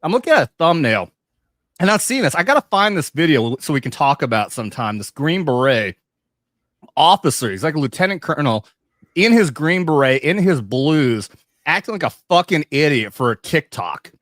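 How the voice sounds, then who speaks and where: A man's voice: fairly high pitch, normal speed, dry recording, clean studio sound. A man hosting a casual online talk show, joking and cursing freely with his co-hosts. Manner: animated, profane, jokey. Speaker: podcast host. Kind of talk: casual chat.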